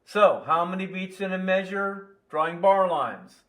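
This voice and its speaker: A man's voice: sits high, lively intonation, a little slow, fairly bright tone. A man teaching a music lesson on video, playful and quizzing, chanting rhythm syllables as he counts beats.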